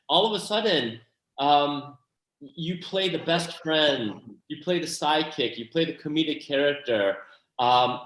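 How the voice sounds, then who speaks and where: A man, an actor and playwright, giving earnest, animated answers in an interview, with many restarts and asides. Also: a little high, echoey room, poor audio.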